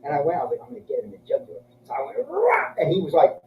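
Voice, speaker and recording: A man's voice: a little high, sing-song, rapid-fire, creaky, slight background noise. A man casually telling crude, profane stories and acting out the other people's lines. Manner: crude, profane, acts out voices in his stories. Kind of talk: casual storytelling chat. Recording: echoey, muffled room from a distance.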